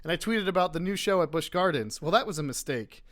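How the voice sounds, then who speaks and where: Rambling, slightly high-voiced young man. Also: expressive, fast talker. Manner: rambling, self-deprecating storyteller. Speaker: podcast guest. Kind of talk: casual podcast chat.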